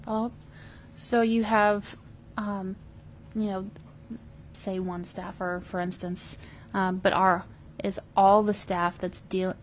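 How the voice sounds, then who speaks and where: A woman's voice: fairly low pitch, a little hiss or hum. A woman legislator questioning a witness at a committee hearing, hesitant and restarting her questions. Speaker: state legislator asking questions.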